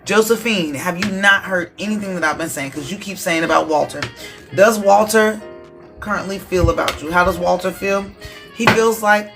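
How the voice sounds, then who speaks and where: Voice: mid-range voice, moderate pace, music in the background. A tarot reader hosting a live-stream reading, talking casually and checking in with viewers with "okay?" again and again, with the odd swear word thrown in.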